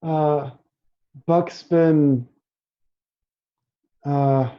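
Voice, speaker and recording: A man's voice: on the high side, steady tone, very slow, dull audio. A man playing in a tabletop game, casually chatting, hesitating a lot and swearing offhand. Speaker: player.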